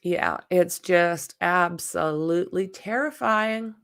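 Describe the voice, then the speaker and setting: A woman hosts a relaxed true-crime livestream in an unhurried, gravelly voice. She chats, greets viewers by name and reads comments aloud, and she is blunt with spammers. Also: on the low side. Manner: outspoken and exasperated with spam commenters. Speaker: livestream host.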